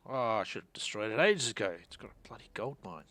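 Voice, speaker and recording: A man's voice: lowish voice, sing-song, fast talker, bright, forceful tone, no room sound. A man thinking aloud as he plays a strategy game, muttering and mocking his own mistakes. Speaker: gaming channel host.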